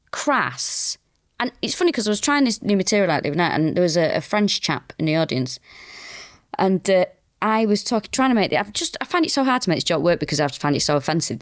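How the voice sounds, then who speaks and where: Animated woman comedian telling a story. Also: mid-range voice, brisk, no echo, studio quality. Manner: anecdotal, swoops up for punchlines. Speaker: comedian co-host. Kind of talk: casual comedic chat.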